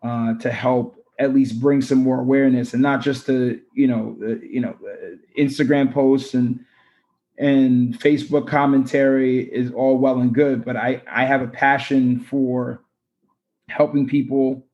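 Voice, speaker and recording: A man's voice: mid-range voice, steady tone, unhurried, a little mellow. Male podcast guest, earnest and rambling, filler-heavy, slightly dull lo-fi sound. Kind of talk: casual interview talk.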